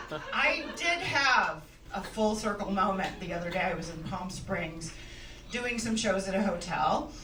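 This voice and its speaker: A woman's voice: mid-range voice, pushed and bright, slight background noise. A middle-aged woman performing a stand-up set on a comedy club stage, wry and conversational, often laughing as she talks. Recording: roomy club sound from a distance. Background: audience laughter.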